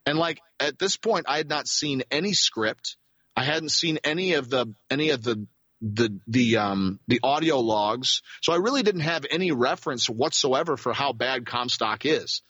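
A man who works as a voice actor, telling a rambling, animated story as a guest in a casual interview. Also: medium pitch, moderate pace, no echo, highs cut off.

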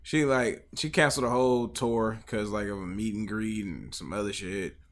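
A man co-hosting a casual chat, an animated storyteller who laughs often and acts out what others said. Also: lowish voice, normal speed.

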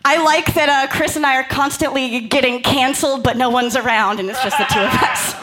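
A woman's voice: high voice, fairly even intonation, brisk, fairly bright tone, faint music behind. A woman in the cast of a comedy table read, joking and teasing. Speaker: cast member.

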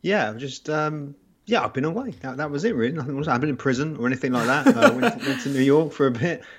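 A man from England co-hosting a soccer podcast, with halting, self-deprecating speech and laughter. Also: fairly high pitch, big pitch swings, fairly bright tone, breathy edge. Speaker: podcast co-host. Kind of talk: casual sports podcast chat.

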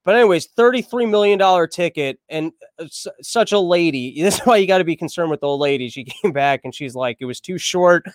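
A man's voice: fairly high pitch, brisk, hardly any pauses, no echo. A man hosting a podcast, riffing on the news in a crude, irreverent, rambling way. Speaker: podcast host. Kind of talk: comedic news commentary.

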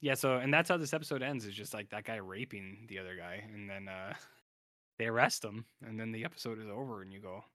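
This man co-hosts a podcast and casually goes over a TV series, his talk meandering with many ums, uhs and restarts. He speaks fairly quickly in a sharp, fairly low voice, captured clean in a studio with no echo.

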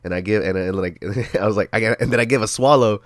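A man's voice: fairly low pitch, fast, no room sound, clean studio sound. A young man with the flu, chatting on a podcast in a laid-back way, swearing often and breaking into laughs. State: sick, with a flu. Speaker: podcast co-host. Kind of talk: casual chat.

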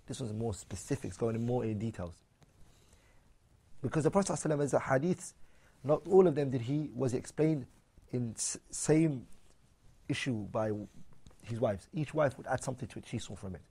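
This Islamic teacher has a mid-range voice that is creaky, warm, and slightly rough. He gives a religious lesson point by point, reading each out and explaining it, switching between English and Arabic readings and often putting questions to his listeners.

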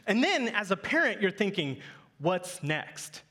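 A man's voice: high voice, big pitch swings, a little slow, pushed and bright. A male pastor in his thirties giving a sermon, telling a playful family story to his congregation.

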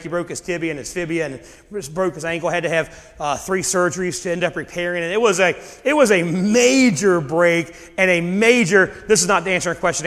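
A man's voice: high voice, a bit bright. A middle-aged man preaching a sermon as pastor, telling stories conversationally and rising into sudden emphasis. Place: church sanctuary. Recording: long hall reverb.

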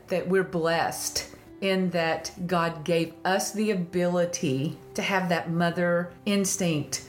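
A woman with a Southern country accent hosting a casual faith-based podcast, laughing often and telling stories with animation. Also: on the low side. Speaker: podcast host.

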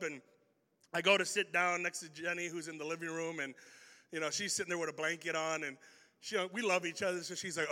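A young man giving a storytelling youth talk to a live audience, animated and joking and speaking straight to the crowd. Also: high voice, in a large hall.

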